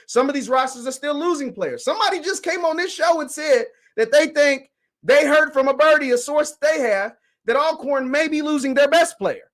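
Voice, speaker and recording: A man hosting a casual sports call-in show, talking in an animated way with callers. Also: very high voice. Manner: animated, laughs along with callers. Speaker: host.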